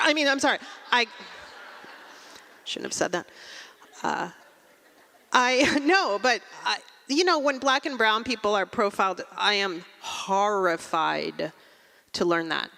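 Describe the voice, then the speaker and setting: Brief: dry, deadpan stand-up woman, bright voice, long reverb of a live venue. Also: medium pitch. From Russia. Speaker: stand-up comedian. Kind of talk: stand-up comedy set.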